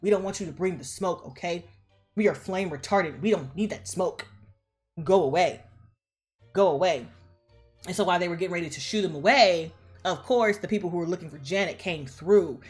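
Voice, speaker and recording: A woman with a lowish voice retells a film plot in loose, slangy, cussing chatter. She jumps into little character bits along the way. Faint music plays underneath. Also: fast. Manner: animated, slangy and profane, acts out characters. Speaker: movie recap vlogger. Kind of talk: casual movie retelling.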